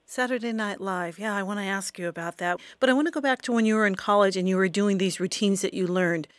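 A woman's voice: mid-range voice, fast talker, no room sound. A woman hosting an interview, asking brief, encouraging questions. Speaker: interview host. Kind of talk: radio interview.

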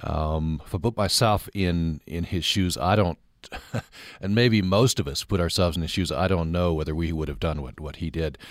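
A man's voice: sits low, normal speed, no room sound, clean studio sound. A man hosting a radio interview show, speaking hesitantly with many uhs. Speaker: radio host.

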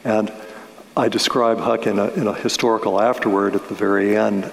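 A man's voice: fairly low pitch, fairly even intonation, brisk, vocal fry. A man, a novelist, talking through his book in a thoughtful, detailed way, often restarting his sentences. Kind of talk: relaxed radio-style discussion. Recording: roomy with long reverb.

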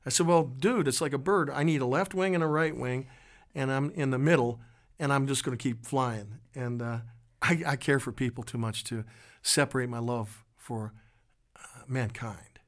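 Casting note: male musician guest, earnest storytelling voice, halting and reflective. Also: mid-range voice. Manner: earnest, halting with restarts and fillers.

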